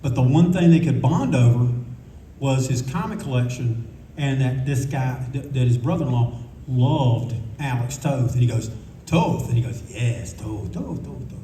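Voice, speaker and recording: A man's voice: mid-range voice, normal speed, mellow, a little hiss or hum. An older man telling rambling anecdotes at a convention panel, acting out what others said. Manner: rambling, acts out quotes of others. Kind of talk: casual anecdotal storytelling. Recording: echoey room from a distance, faint ambience.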